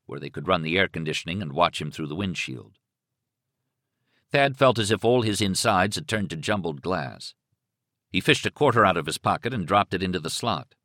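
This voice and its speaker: A man reading a suspense novel aloud with expressive, dramatic delivery. His voice sits on the lower side but moves widely in pitch, with a bright, sharp edge. It is recorded dry and close in a booth. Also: dry recording. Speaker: audiobook narrator. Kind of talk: scripted narration.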